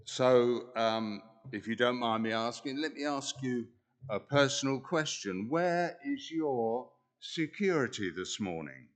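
A man preaching a sermon in an earnest, measured way, pausing deliberately between phrases. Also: medium pitch, lively intonation.

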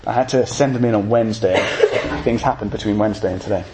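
A man's voice: lowish voice, fast, heavy background noise. A man preaching an evening sermon, explaining scripture with jokey asides to his congregation.

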